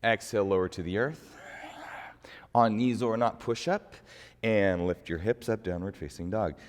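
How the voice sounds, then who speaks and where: A man leading a guided yoga class, calmly cueing each breath and movement. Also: on the low side, moderate pace, in a large hall. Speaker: yoga instructor.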